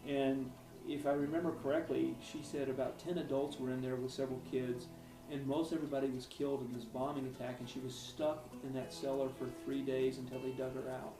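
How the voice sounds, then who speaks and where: This author, a man with a mid-range voice, speaks briskly and in a level tone while being interviewed. He recounts personal stories in a rambling, hesitant manner full of restarts, picked up by a roomy, distant mic over faint music.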